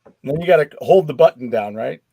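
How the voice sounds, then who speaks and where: A man with a slightly high, lively voice co-hosts a casual gaming chat and trades quick jokes. His voice sounds close and dry, with no room echo. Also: gravelly, slightly rough. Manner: jokey, quick with banter. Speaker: co-host of a retro gaming chat show.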